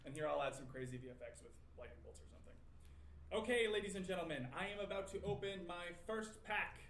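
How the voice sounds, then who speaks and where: A man's voice: sits high, fast, fairly bright tone, a little hiss or hum. An actor playing a hyped male card-pack-opening video host in a game clip, with gushing, salesy patter. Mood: excited. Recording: echoey room with faint ambience.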